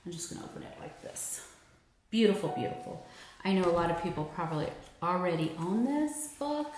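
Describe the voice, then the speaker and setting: A woman's voice: lowish voice, big pitch swings, brisk, a little mellow. A woman chatting casually and enthusiastically as she shows her stitching purchases, sometimes dropping to a near whisper. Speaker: cross-stitch vlogger. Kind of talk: casual show-and-tell chat. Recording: very echoey room with faint noise.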